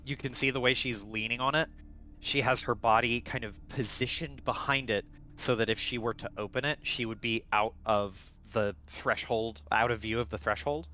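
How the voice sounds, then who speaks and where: A man's voice: mid-range voice, sharp tone, muffled recording, a little hiss or hum. A man narrating a tabletop game as game master, rambling with many fillers and restarts.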